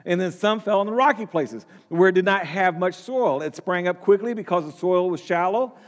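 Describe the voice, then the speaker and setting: A man's voice: high voice, normal speed, big-room sound. A man preaching a Bible-teaching sermon in a conversational way, stumbling over and repeating words and asking his listeners questions.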